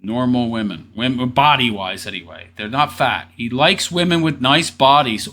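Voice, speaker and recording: A man's voice: medium pitch, moderate pace, hardly any pauses, pushed and bright, slight background noise. A man commenting sarcastically over an interview clip, mocking and talking back at it. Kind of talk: casual reaction commentary.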